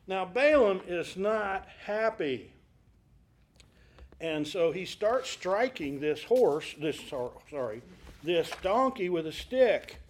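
A man with a notably high voice leads a Bible study group. He talks through scripture like a story, stops to ask the class rhetorical questions, and brightens his voice when quoting the characters. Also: big pitch swings, slow.

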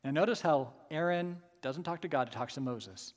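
A man's voice: a little high, normal speed, long reverb tail. A man preaching a sermon with emphatic, rhetorical asides to his congregation. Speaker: pastor.

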